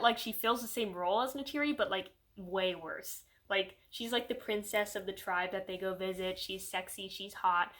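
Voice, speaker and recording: A young woman giving a casual, rambling movie review in her own channel's video, animated and full of fillers, slipping into voices when she quotes characters. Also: medium pitch. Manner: rambling, animated, heavy use of "like".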